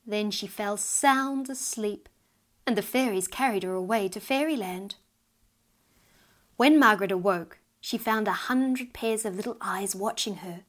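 A woman reading her own storybook aloud with gentle, expressive storytelling. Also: mid-range voice, a little slow. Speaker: author and narrator.

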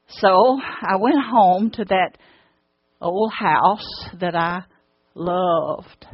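A woman with an Alabama accent telling an earnest personal testimony, with long pauses. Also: fairly low pitch, slightly rough, no echo. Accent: Southern US, Alabama. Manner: earnest storytelling, drawn-out pauses, fervent pleading in prayer. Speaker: speaker sharing a personal testimony. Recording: dull, lo-fi, dry recording.

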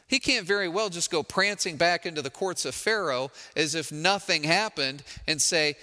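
A man's voice: a little high, normal speed, hardly any pauses, bright, forceful tone, long reverb tail. A man preaching a sermon in a conversational, wry way, acting out the people he quotes. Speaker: pastor.

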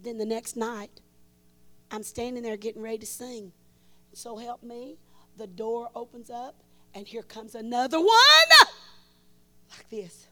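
Animated woman preaching. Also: on the high side, unhurried, pauses often. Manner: animated, shifts between loud bursts and hushed asides. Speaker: conference speaker. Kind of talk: storytelling sermon. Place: large conference hall.

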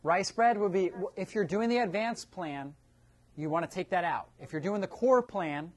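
A man's voice: sits high, normal speed. A man presenting a nutrition seminar to a live audience, quizzing the room and tagging his points with "right?". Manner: keeps checking in with a tag "right?".

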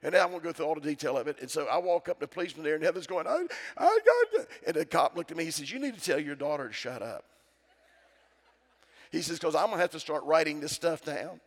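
This is a fast-talking middle-aged pastor with a fairly high pitch, preaching in a church sanctuary and calling out for his congregation to respond. Long reverb from the church fills the recording.

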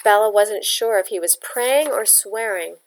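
Woman reader, mid pitch, steady plain storytelling. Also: measured pace. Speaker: audiobook reader. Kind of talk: reading a novel aloud.

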